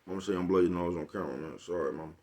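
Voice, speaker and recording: With a deep voice and fairly even intonation, the man fires off his words rapidly over a noisy background. It's a casual comedic vlog rant to camera, loaded with laughs, crude street slang, and the repeated line "you know what I'm talking about."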